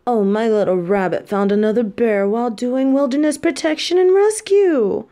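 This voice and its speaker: A woman's voice: on the high side, normal speed, dark tone, lightly acted. A woman voicing a mafia boss girlfriend in a romantic audio drama, affectionate and teasing, laughing often. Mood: doting. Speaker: voice actor in a listener audio drama. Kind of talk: romantic audio role-play.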